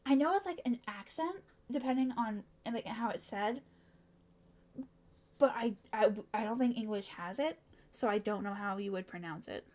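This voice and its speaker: Woman streamer, casual chat, a touch high-pitched, bubbly and giggly, stumbles over words. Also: normal speed, a little mellow.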